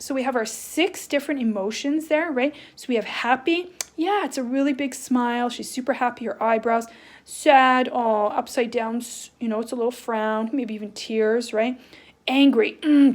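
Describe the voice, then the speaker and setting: A woman teacher giving a playful, animated lesson to young children, checking in with "right?" as she draws. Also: a little high. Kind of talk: children's lesson, drawing along.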